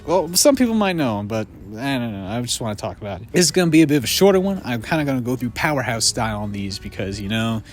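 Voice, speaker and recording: A man rambles through a jokey movie recap while sitting outside. He goes off on tangents, and his pitch leaps upward whenever he gets worked up. Faint music sits behind him. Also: fast talker, few pauses. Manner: rambling, jokey, animated with voice jumps. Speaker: video essay host. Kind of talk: casual comedic movie retrospective. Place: outdoors in a yard under a tree.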